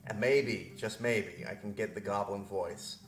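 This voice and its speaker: A man's voice: on the low side, unhurried, reverberant, soft background music. Rambling man narrating a strategy game. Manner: rambling, self-deprecating complaining. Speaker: gaming video host. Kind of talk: let's play commentary.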